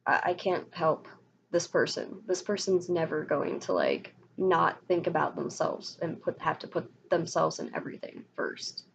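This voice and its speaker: Rambling, frustrated young woman vlogger, gravelly. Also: low voice, lively intonation, normal speed. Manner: frustrated, rambling, with many restarts. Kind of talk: casual ranting monologue. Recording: dull lo-fi sound with faint noise.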